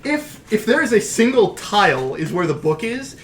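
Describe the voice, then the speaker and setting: High-voiced man describing a fantasy scene. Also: sing-song, moderate pace, recorded from a distance, soft background music. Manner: descriptive, searching for words. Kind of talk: describing a scene in a tabletop game. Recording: echoey room, faint noise.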